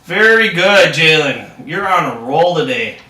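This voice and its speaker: Young man, reading tutor, encouraging, high voice, bright tone, echoey room. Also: expressive, unhurried. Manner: upbeat and encouraging, heavy praise. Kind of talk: practice lesson role-play. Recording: echoey room, distant mic.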